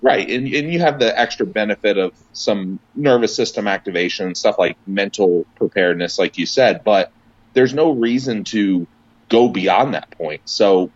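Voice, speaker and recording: A man talking casually about fitness and warm-ups in a podcast chat, rambling and emphatic with many restarts. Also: on the low side, normal speed, no room sound, muffled recording.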